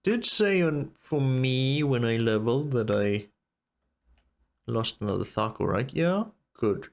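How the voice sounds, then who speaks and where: A man's voice: mid-range voice, expressive, a little slow, gravelly. Chatty man narrating his game. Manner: chatty, thinking aloud. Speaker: gamer. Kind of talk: casual let's play commentary.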